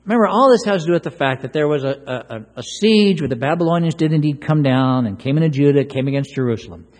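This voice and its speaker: Man, pastor, sermon, slightly high voice, earnest, repeats words, long hall reverb. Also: lively intonation, fast talker, darkish tone. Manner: earnest, repeats words, acts out quoted pleas.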